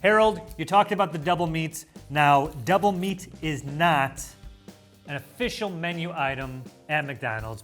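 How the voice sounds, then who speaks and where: A man's voice: on the high side, a little slow, fairly bright tone, soft background music. A man hosting a food review show, talking in an enthusiastic, jokey, playful way. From United States. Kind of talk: casual food review chat.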